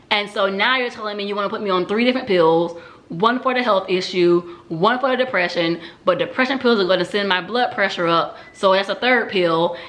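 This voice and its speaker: A woman's voice: medium pitch, bright, forceful tone. A woman candidly recounting a personal experience in a reflective storytelling manner, with frequent "um"s. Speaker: speaker sharing personal story. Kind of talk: personal testimony talk.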